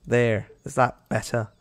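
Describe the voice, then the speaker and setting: A young gaming YouTuber rambles casually over his game, talking to the on-screen animals and growing exasperated with them. His voice is mid-range, with no echo.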